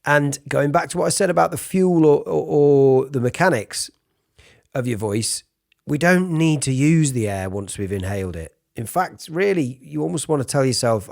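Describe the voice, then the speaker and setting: A raspy, breathy-voiced man giving a casual singing lesson, demonstrating sounds as he explains. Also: on the high side, lively intonation, a little slow, a little mellow. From United Kingdom. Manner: informal, demonstrates sounds mid-sentence. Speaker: vocal coach.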